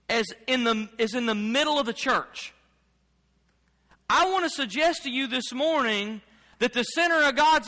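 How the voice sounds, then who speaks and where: A man's voice: very high voice, bright, forceful tone, big-room sound. A man preaching a sermon as pastor, speaking emphatically and repeating phrases as he builds his points.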